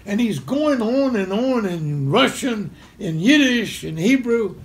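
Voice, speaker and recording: Taking his time, an older man with a high voice relates a personal story to an audience during a community center talk. He's from Memphis, Tennessee, and he chuckles along, animatedly acting out the scenes.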